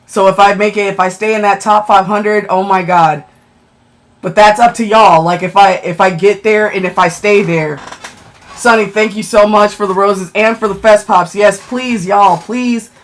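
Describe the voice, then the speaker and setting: Gushing excited woman livestreamer. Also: medium pitch, moderate pace. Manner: excitable and emotional, gushing over gifts and rankings. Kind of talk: casual livestream chat thanking viewers for gifts.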